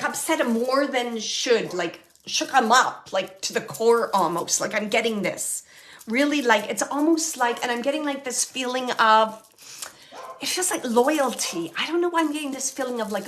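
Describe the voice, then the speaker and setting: A woman giving a live mediumship reading in a slightly high voice. She searches for her words with constant fillers and restarts, and often trails off into a soft, near-whispered murmur. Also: a little hiss or hum. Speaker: psychic medium host.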